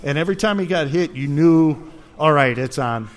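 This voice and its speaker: Animated podcast host, lively pitch. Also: male voice, moderate pace. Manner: animated, laughs often. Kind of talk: casual chat.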